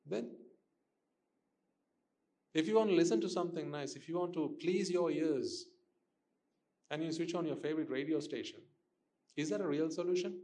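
A man's voice: a little high, normal speed, pauses often, dark tone. A man giving a Buddhist dharma talk to listeners, questioning them and repeating his points for emphasis. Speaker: Buddhist teacher.

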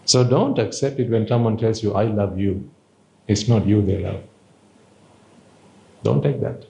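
Mellow-voiced man giving an informal teaching. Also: lowish voice, a little slow, gravelly, roomy sound. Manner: conversational, rhetorical questions, playful asides. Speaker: Buddhist teacher. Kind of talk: informal dharma talk.

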